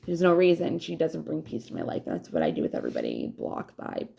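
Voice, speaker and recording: A woman's voice: deep voice, wildly swooping pitch, quick pace, vocal fry, dark tone. A woman in her thirties from New England, telling stories from her past in a frank, rambling, profane way, drifting from one story to the next. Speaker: vlogger. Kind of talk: casual storytelling monologue.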